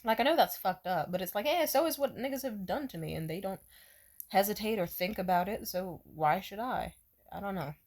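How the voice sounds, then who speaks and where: A woman's voice: mid-range voice, lively intonation, brisk, darkish tone. A young woman venting in a casual storytime vlog, frank and profane, rambling with lots of fillers. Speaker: vlogger.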